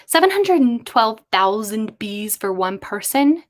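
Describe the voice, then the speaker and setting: Casual streamer, young woman, muses aloud, bursts of excitement, chatty. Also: fairly high pitch, measured pace, few pauses. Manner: musing, excitable, thinking aloud. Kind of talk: casual livestream brainstorming.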